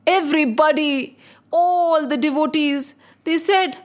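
A woman telling a devotional story to children in an expressive, dramatic way, dropping to a hush and rising to exclamations. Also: sits high, a little slow. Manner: expressive, swinging between hush and exclamation, addresses listeners as children.

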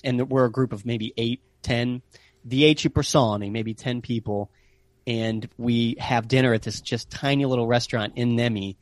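Animated American man telling stories. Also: mid-range voice, no echo. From United States. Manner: animated, with playful Italian phrases. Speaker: guest telling travel stories. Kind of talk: casual storytelling chat.

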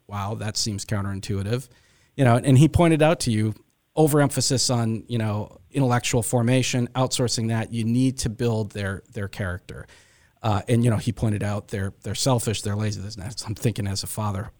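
A man's voice: mid-range voice, moderate pace, a little mellow. A man hosting a faith podcast, talking casually with many fillers and restarts. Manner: rambling with frequent fillers. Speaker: podcast host.

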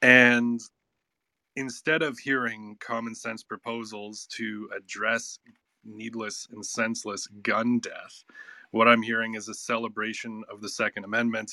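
A man calling into a live debate while sick, slightly hoarse, making a measured, articulate argument. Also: on the low side, level tone, bright, forceful tone, no room sound. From United States. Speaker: caller.

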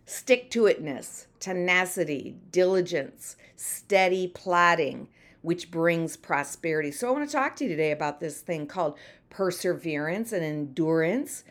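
A woman's voice: fairly low pitch, lively intonation, unhurried. A woman hosting a motivational podcast, speaking emphatically, repeating phrases and leading her listeners in affirmations. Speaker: podcast host and mentor. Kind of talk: motivational pep talk.

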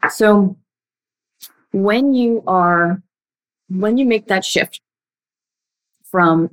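A young woman coaching listeners on relationship patterns in a blunt, emphatic way, with sudden shifts between quick bursts and slow, drawn-out words. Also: medium pitch, low-quality recording. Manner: blunt, emphatic, speeds up and slows down a lot. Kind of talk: direct-to-listener coaching talk.

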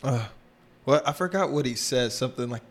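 A man's voice: medium pitch, lively intonation, a little fast. A man co-hosting a podcast, chatting casually and recounting episode scenes with some hesitation. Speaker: podcast co-host. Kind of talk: casual chat.

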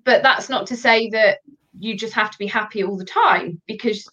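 A woman guest in a casual chat, telling personal stories in an animated, candid way. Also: medium pitch, normal speed. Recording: dull lo-fi audio.

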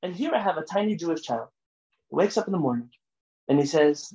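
A man, a rabbi, giving a lecture full of stories, animated and emphatic, sometimes rising almost to a shout. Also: fairly high pitch, fast, dull audio. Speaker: rabbi teaching a class. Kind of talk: lecture with storytelling.

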